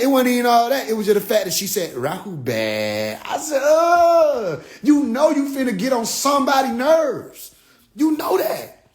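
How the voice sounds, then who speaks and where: A livestreamer with a high voice rants on his phone in a casual, swear-heavy, animated way. Low, mocking impressions of other people keep cropping up in his talk.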